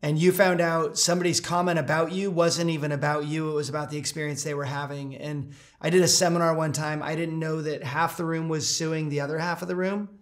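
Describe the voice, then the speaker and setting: A man's voice: a little high, level tone, brisk, hardly any pauses. A man hosting an interview in casual chat, enthusiastic and upbeat. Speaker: host.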